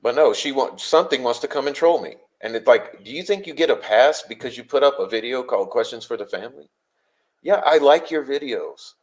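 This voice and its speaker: A man hosts a livestream and argues with his chat, exasperated and confrontational, and he swears heavily. He fires off rhetorical questions in quick bursts. His voice sits at an everyday middle pitch for a man. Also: expressive. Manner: rapid-fire rhetorical questions. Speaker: livestream host. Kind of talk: unscripted livestream rant answering chat.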